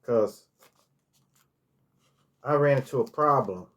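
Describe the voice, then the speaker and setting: A man's voice: mid-range voice, slow pace, fairly bright tone. A middle-aged man telling casual stories on a vlog, rambling, restarting words and filling with "you know" as he recalls things. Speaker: storytelling vlogger. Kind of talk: casual storytime monologue.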